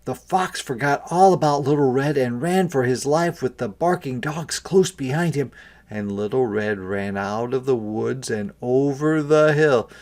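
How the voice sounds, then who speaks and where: Kindergarten read-aloud voice: expressive, unhurried, with gravelly edges and asides to the kids. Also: medium pitch. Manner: expressive reading with asides to young listeners. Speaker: kindergarten teacher. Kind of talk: interactive picture-book read-aloud.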